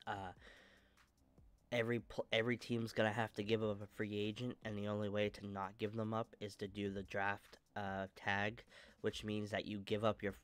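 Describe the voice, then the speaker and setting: A young man with a stuffy nose talks through his sports game plans in a flat, monotone way, stopping often for fillers and restarts. His voice sits low and comes across smooth and clean. The recording is close and dry, with no room sound. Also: no room sound. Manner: rambling with many fillers and restarts. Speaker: channel host. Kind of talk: casual video game franchise commentary.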